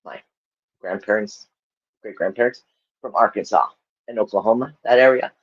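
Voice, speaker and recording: A woman's voice: very deep voice, normal speed, husky, dull audio. A woman hosting a livestream, chatting casually with her viewers, laughing often as she answers their comments. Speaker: livestream host.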